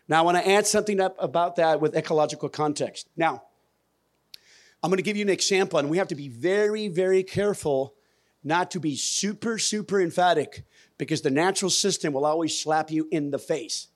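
A man's voice: a little high, fairly quick. A man giving a folksy, emphatic talk on a conference stage, putting questions to the audience. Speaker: conference speaker on regenerative farming. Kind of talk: lively stage presentation.

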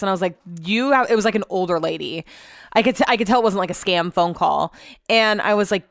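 A woman's voice: medium pitch, fast, no room sound. A young woman rambling casually through a vlog, swearing freely and breaking off to scold her dogs. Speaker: vlogger.

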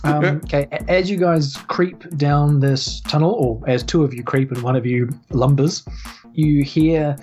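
Low-voiced woman running a tabletop game. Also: fairly even intonation, measured pace, dark tone, soft background music. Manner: easygoing, filler-heavy narration. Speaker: game master.

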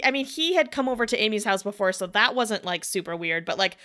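A woman's voice: mid-range voice, expressive, quick pace, few pauses, pushed and bright. A woman telling a personal story in casual conversation, chatty, swearing freely and saying "like" a lot. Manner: acts out voices in quoted speech.

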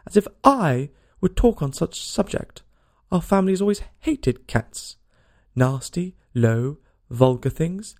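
A man voicing a proud, touchy little male mouse in a shrill, passionate voice for a storybook reading. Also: expressive, a little slow, a little mellow. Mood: shrill indignant. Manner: passionate, indignant outbursts.

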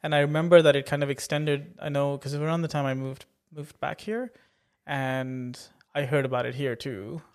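A man's voice: fairly high pitch, fairly even intonation, normal speed. A man hosting a podcast, talking in a teasing, rambling casual chat. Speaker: podcast host.

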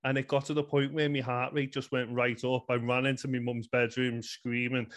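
Earnest Liverpool man, flat delivery. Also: medium pitch, normal speed. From England. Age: 30s. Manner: earnest, rambling, many "you know" fillers. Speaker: guest. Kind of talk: casual personal storytelling.

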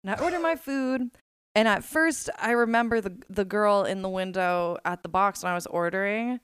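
A woman co-hosting a podcast, telling a story in casual chat, animated and chatty with lots of fillers. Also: mid-range voice, moderate pace, smooth, no room sound, studio quality. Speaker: podcast co-host.

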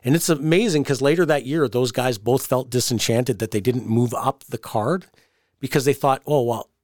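A man on a wrestling podcast tells a long backstage story, switching into high, excited voices whenever he quotes someone. He speaks at a middle pitch. His voice is close on the mic, with almost no room sound. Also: no room sound. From Canada. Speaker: podcast host, wrestling promoter. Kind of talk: casual storytelling chat.

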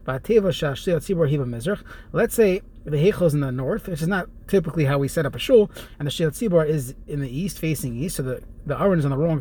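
A man giving a Jewish law lesson, reading short phrases from a text and explaining each one in plain, unhurried English. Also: fairly high pitch, a little mellow, slight background noise. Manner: reads Hebrew phrases then explains in English, with pauses and restarts. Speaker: Torah teacher.

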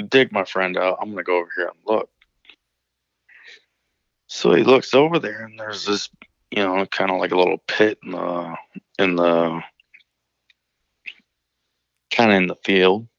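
This deep, gravelly male voice belongs to a caller from Illinois who tells a story casually, rambling and swearing with many restarts. The audio has no echo and the highs are cut off.

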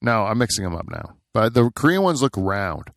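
A man's voice: on the low side, very animated, normal speed, fairly bright tone, no echo, clean studio sound. A middle-aged man co-hosting a podcast in casual chat, rambling with lots of fillers and frequent laughs. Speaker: podcast co-host.

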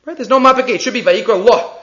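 A man teaching a Torah class, telling stories with animated, sing-song emphasis. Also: extremely high pitch, rapid-fire. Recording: dull lo-fi recording.

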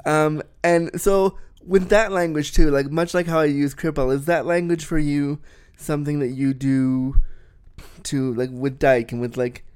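A man's voice: a little high, little pitch movement, a little slow, a little mellow, clean tone. A man with a Canadian accent, hosting an interview, enthusiastic and often repeating words as he starts a thought. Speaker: podcast host. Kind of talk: conversational interview.

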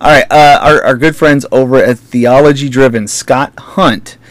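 A man's voice: mid-range voice, steady tone, normal speed, dry recording. A man co-hosting a talk radio show, joking around and laughing often in casual chat.

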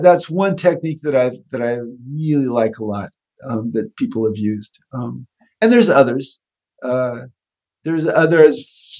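A man explaining ideas in a relaxed conversation, thoughtful and prone to restarting his sentences. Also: mid-range voice, breathy edge.

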